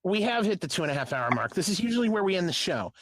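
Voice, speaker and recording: Lively, animated podcast host. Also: male voice, high voice, rapid-fire, slight background noise. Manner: animated, swears freely. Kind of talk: casual podcast chat.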